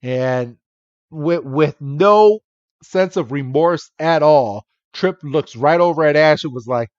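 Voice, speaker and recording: Slow-talking man recapping with laughs. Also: on the high side, a little mellow, no echo, muffled recording. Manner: slow, laughing, crude banter. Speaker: podcast co-host. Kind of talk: casual episode recap.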